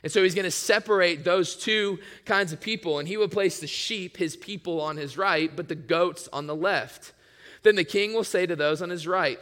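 A man preaching a sermon in a casual, excitable way, often filling his speech with "like". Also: high-pitched, moderate pace. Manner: casual and excitable, many "like" fillers. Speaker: pastor. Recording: long reverb in a large hall.

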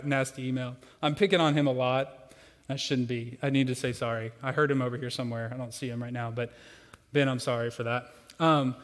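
A man's voice: on the high side, fairly bright tone. A man leading a church congregation through a playful participation exercise, joking and coaching them as he teaches. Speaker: pastor. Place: church sanctuary with a large room. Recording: long hall reverb.

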